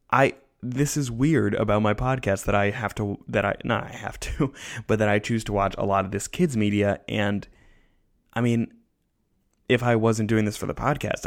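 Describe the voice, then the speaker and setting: A tired man hosting a podcast, rambling loosely through a casual review with self-deprecating asides. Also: fairly low pitch. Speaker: podcast host.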